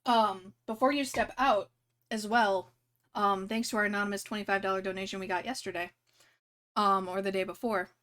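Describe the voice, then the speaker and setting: A woman's voice: medium pitch, steady tone, moderate pace, a bit bright. A young woman running a tabletop game on a live stream, rambling with many fillers and restarts. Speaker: game master.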